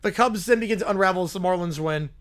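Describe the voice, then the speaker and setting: A man hosting a live stream who reads out stories and reacts with excitement and laughter. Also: high-pitched, fast talker. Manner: animated, laughing. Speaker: streamer host.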